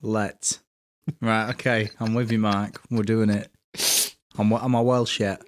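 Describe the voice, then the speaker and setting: A man's voice: lowish voice, level tone, measured pace. A man co-hosting a casual podcast, groaning in playful exasperation and swearing freely. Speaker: podcast co-host.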